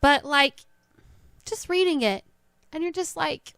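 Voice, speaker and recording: A woman co-hosting a podcast in animated, casual chat, laughing often. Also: high voice, a little slow, pauses often, no echo, clean studio sound. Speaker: podcast co-host.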